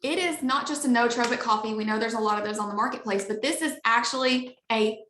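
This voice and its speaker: Bright, eager Alabama woman selling hard on a video call; higher voice, roomy echo. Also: fast talker, a little hiss or hum. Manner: upbeat, gushing, chatty. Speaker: network marketing leader. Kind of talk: enthusiastic sales pitch on a video call.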